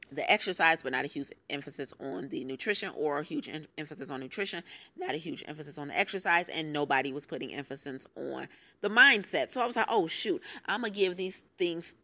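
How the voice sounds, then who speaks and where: Low-voiced emphatic woman. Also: brisk, sharp tone. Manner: emphatic, conversational, laughs often. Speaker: podcast host and fitness business founder. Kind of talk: casual solo podcast talk.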